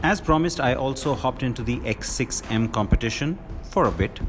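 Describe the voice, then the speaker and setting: A man narrating a scripted car review in a measured, confident manner. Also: medium pitch, expressive. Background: music.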